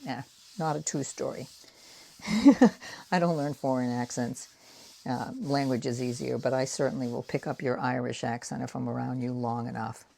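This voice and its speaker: Very deep, steady, and darkish with vocal fry, this woman's voice moves at a moderate pace. She is a Boston-area art vlogger in her sixties with a Boston accent, rambling and self-deprecating as she paints and makes art prints in casual craft chat while working.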